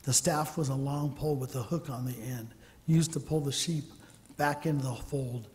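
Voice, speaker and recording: A man's voice: medium pitch, steady tone, moderate pace, darkish tone. A man, a church elder, preaching a sermon in a storytelling way, acting out the people in his stories and dropping to near whispers at times. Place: church sanctuary. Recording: long reverb of a large hall.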